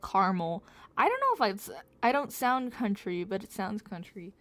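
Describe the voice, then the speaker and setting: A woman's voice: medium pitch, wildly swooping pitch, moderate pace, a bit bright. A young woman with a slight Southern US accent, chatting casually to her stream while she draws, rambling, giggly and self-correcting. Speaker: drawing livestreamer. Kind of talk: casual chat while drawing.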